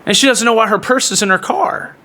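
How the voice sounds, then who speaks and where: A young man with a high voice tells a long boastful story in a brash, taunting way. He rambles, repeats himself, and laughs at his own lines as he goes. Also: a little fast, pushed and bright. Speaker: podcast host.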